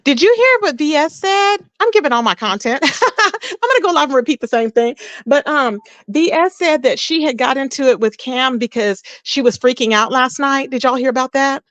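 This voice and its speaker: A woman chatting casually, retelling gossip in an animated way, acting out what others said and laughing often. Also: sits high, moderate pace, hardly any pauses, dry recording. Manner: animated storytelling, quotes people in raised voice, laughs often. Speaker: co-host.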